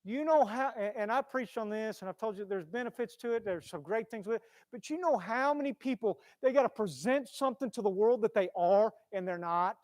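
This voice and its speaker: High-voiced guy preaching, gets loud then drops real quiet, repeats himself a lot, dry close sound. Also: brisk, few pauses, no room sound. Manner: impassioned, swings from loud to hushed, repeats phrases. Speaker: pastor. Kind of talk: sermon. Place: church.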